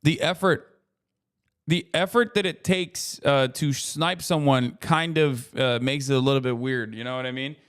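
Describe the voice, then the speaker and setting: A man's voice: mid-range voice, normal speed, smooth. A man in his thirties chatting casually on a live stream, rambling and swearing freely as he reacts to a video. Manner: profane, rambling, animated asides.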